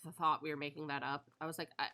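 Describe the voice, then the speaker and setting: Woman, streamer, casual chat, rambling, slightly low voice, very bright tone. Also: flat delivery, fast. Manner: chatty, rambling, with frequent fillers and laughter. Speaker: live streamer. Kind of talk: casual chat while gaming.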